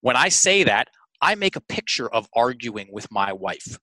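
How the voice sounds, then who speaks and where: In a conversational storytelling interview, a sales and mindset coach addresses "folks" with emphatic stories and frequent restarts. He sounds very animated, with a mid-range, bright, forceful voice at a moderate pace, captured in low-quality audio with no room sound.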